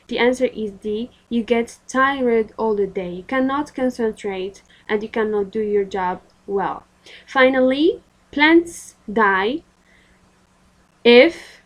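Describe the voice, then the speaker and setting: A woman with a Moroccan accent leads a recorded English grammar lesson, unhurried and patient. Her voice sits a little high, and she pauses with filler sounds as she walks through the exercises. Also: poor audio. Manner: patient, instructive, with frequent fillers. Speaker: English teacher.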